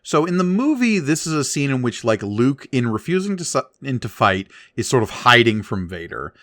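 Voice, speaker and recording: A man's voice: mid-range voice, very animated, normal speed, a bit bright, dry recording, clean studio sound. A man co-hosting a podcast, casually explaining story details and reading captions aloud. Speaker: podcast co-host. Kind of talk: casual comic book discussion.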